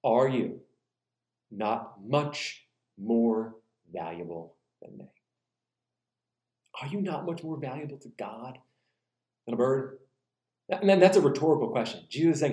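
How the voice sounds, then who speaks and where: A man preaching a sermon in an animated way, acting out quoted voices and slowing down for emphasis. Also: a little high, reverberant. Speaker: pastor.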